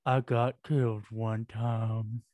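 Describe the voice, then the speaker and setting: A man voicing a sad ghost from a tabletop game in a slow, droopy drawl. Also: fairly low pitch, level tone, dark tone, dry recording, voice pushed down. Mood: mournful.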